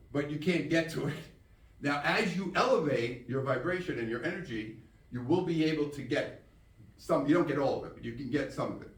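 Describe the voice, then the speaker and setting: A man in his sixties giving a casual, animated live talk to an audience as a spiritual teacher. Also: mid-range voice. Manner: casual, storytelling, animated with laughs and acted-out quotes. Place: room with an audience. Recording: roomy echo, mic at a distance.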